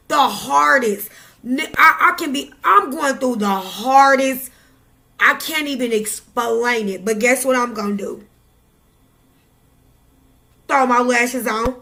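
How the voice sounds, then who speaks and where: A woman speaks to camera in a casual vlog, giving the viewer a raw, preachy pep talk. Her voice sits high and sounds bright and clear. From Midwest United States. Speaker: tarot reader vlogger.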